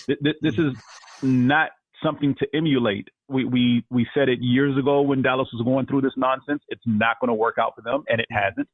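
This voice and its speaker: A man's voice: mid-range voice, steady tone, fairly quick, dry recording, narrow, tinny audio. A man co-hosting a sports podcast, talking in an opinionated, emphatic way. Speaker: podcast co-host. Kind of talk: casual sports chat.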